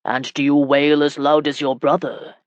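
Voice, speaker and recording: A woman reading an audiobook voicing a stern, quick-tempered medieval baron in a lowered, stern delivery. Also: flat delivery, no room sound, highs cut off, natural voice.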